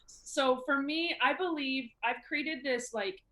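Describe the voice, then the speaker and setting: A woman guest on a casual podcast, talking about money in a lively way and acting out her own thoughts. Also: sits high, slow. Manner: lively, acts out her own inner talk. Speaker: guest business consultant.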